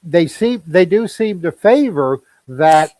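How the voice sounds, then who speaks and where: A man's voice: high voice, expressive, takes it slowly, darkish tone, no room sound, low-quality recording. A man speaking as a guest in a casual chat, explaining things in a conversational way with many fillers.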